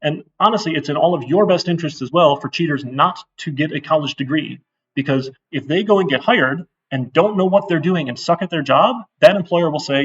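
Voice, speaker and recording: A man's voice: fairly high pitch, a little fast, slightly rough, distant mic, dull audio. A middle-aged man giving a casual, blunt course intro lecture to a class, getting worked up as he talks. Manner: blunt, chatty, gets worked up. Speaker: university instructor.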